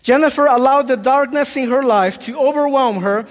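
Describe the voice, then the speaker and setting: A man's voice: very high voice, normal speed. A man preaching a sermon as a dramatic story, now and then breaking into song. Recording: echoey hall.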